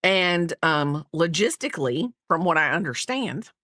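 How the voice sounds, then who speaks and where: Chatty middle-aged woman vlogger, low voice, dry close sound, rambling casual chat. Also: big pitch swings, measured pace, fairly bright tone, dry recording. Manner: rambling, chatty, many fillers and asides. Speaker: crochet vlogger. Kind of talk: casual chat while crocheting.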